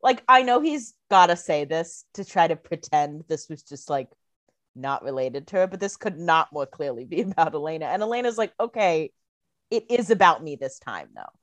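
A woman's voice: low voice, lively intonation, moderate pace, dry recording. A woman co-hosting a casual podcast, wryly paraphrasing the characters and laughing along with her co-host. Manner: playful, wry, laughs while paraphrasing characters. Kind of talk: casual chat.

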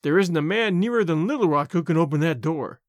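A man voicing an old banker who speaks shakily and calls out loudly in alarm. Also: fairly high pitch, expressive, dry recording, studio quality, close to an everyday voice. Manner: shaky, loud, slow calling out. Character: old male banker, proud, shaken.

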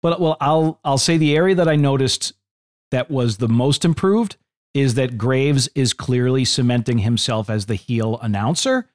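A man co-hosting a wrestling podcast, giving measured, analytical takes with dry asides. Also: mid-range voice, no echo. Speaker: podcast co-host. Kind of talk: casual wrestling podcast chat.

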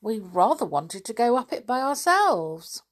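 A woman's voice: on the high side, big pitch swings, measured pace, voice pushed up. Woman playing a bold young boy. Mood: firm. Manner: firm, leading.

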